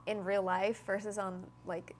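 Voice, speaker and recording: A woman's voice: mid-range voice, level tone, measured pace, a little hiss or hum. A young adult woman talking as an interview guest about her acting, bubbly and full of "like" fillers. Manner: bubbly, lots of "like", laughs while talking. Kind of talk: casual interview chat.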